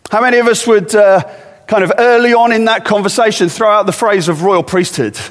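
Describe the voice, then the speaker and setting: A man's voice: high-pitched, fairly quick, in a large hall. A man preaching a sermon in a church, talking in a conversational way that builds into emphatic repetition.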